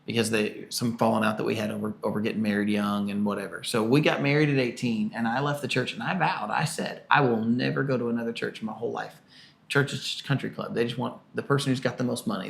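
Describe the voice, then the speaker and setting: Gravelly man telling a long work story. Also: mid-range voice. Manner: animated storyteller, acts out quoted people loudly. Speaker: podcast co-host. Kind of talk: casual storytelling chat.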